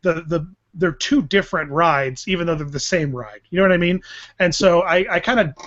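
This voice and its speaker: A man's voice: on the high side, fairly quick, fairly bright tone. A man co-hosting a podcast, chatting casually and animatedly, swearing now and then. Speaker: podcast co-host. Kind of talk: casual chat. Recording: dull lo-fi podcast audio.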